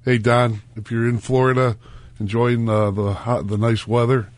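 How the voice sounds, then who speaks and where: A man co-hosting a radio show from the studio, joking and rambling through casual banter. His voice is mid-pitched and sounds dry and close on the mic. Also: level tone, moderate pace, no echo. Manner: jokey, rambling. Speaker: radio host.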